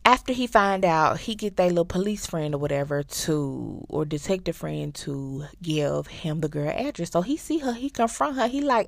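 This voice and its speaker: Animated, profane woman recapping a series. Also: on the low side, normal speed, vocal fry, hardly any pauses, no room sound, clean studio sound. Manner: animated, profane storytelling with acted-out quotes. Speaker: podcast host.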